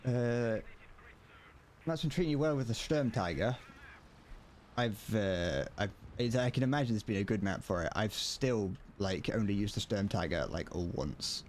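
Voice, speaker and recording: With a lowish voice and a slightly slow pace, a young man talks casually with viewers while streaming a tank game. He rambles, chuckles, and often starts sentences over. His desk mic picks up a little hiss or hum, and he's wearing headphones.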